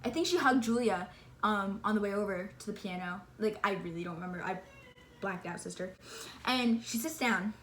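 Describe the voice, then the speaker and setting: A woman telling a story in a casual vlog, excitable and gushing, filling her talk with "like" and calling her listener "sister.". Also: medium pitch, normal speed, a little hiss or hum. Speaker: vlogger.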